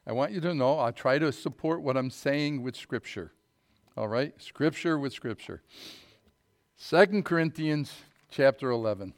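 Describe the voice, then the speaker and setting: A middle-aged man preaching a sermon, telling folksy stories before reading scripture in a loud, emphatic voice. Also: mid-range voice, normal speed. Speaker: pastor.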